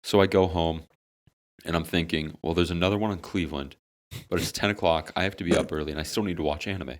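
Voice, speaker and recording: A man's voice: low-pitched, fast talker. A young man, telling a funny story with plenty of swearing on a casual podcast among friends. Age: young adult. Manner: animated, swearing, dramatic comic storytelling. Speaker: podcast co-host.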